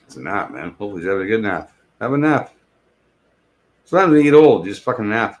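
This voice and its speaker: A middle-aged man talks casually to his live-stream chat. His voice sits at a middle pitch, and his talk wanders from one joke to the next, with plenty of profanity. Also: lively intonation, fairly quick. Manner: rambling, profane, jokey.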